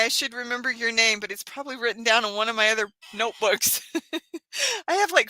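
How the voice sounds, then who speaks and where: A tearful woman talks on a live stream from her yarn craft channel, her voice high and bright. She speaks haltingly, with many sighs and apologies. The sound is dry and close. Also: no room sound. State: tearful, crying.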